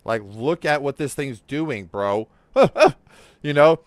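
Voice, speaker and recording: A man hosting a gaming podcast, telling stories in casual, profane, animated chat while he plays. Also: medium pitch, slow pace, dry recording. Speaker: streamer and podcast host.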